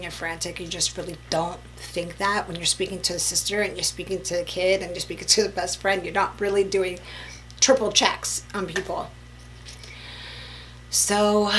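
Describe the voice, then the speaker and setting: A woman telling a personal story to camera in a casual storytime vlog, chatty and animated, full of "like" and "you know". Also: lowish voice, a little hiss or hum, low-quality recording. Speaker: vlogger.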